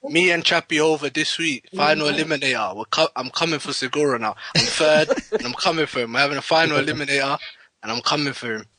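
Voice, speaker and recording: Caller, cocky and sweary, bright voice, dry sound. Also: male voice, fairly high pitch, fast talker, no room sound. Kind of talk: casual chat.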